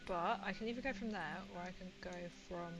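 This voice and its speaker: A woman's voice: lowish voice, fairly quick, music in the background, rough recording. Chatty woman streamer rambling while gaming. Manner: chatty and rambling, laughs often, reads out viewer comments. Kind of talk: casual livestream chat while gaming.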